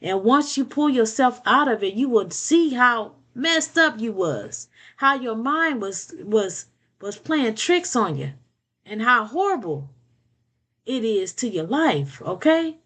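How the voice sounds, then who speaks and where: Older woman, fairly high voice, preachy, emphatic, casual monologue. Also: big pitch swings, slow pace, fairly bright tone. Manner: preachy, emphatic, repeats words, asks "okay?". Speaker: vlogger giving advice. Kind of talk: casual advice monologue to camera.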